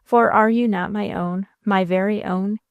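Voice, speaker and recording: A lady doing a devoted young guy in a storybook, pleading and emphatic, smooth clean voice, dry sound. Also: mid-range voice, steady tone, a little slow, no room sound, narrow, tinny audio, lightly acted. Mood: tender, pleading. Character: ardent devoted young man, impassioned suitor.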